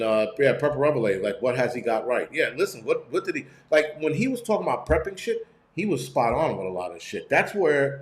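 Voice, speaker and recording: A man's voice: medium pitch, roomy sound. A middle-aged man hosting a prepping channel, talking in a profane, blunt, rambling livestream rant from home. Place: room at home.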